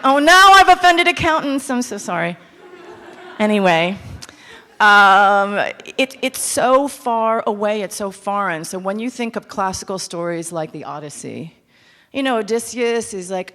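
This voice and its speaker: A woman in her fifties, a composer teaching a master class to a live audience, animated, candid and self-mocking. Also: mid-range voice, moderate pace. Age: 50s. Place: large hall with audience. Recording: echoey hall with instrument.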